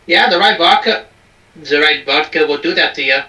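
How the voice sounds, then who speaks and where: Crude, sharp-voiced man chatting. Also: a little high, moderate pace, distant mic. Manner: crude, profane, rambling restarts. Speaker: host. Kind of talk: casual reaction chat. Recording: roomy, from off the mic.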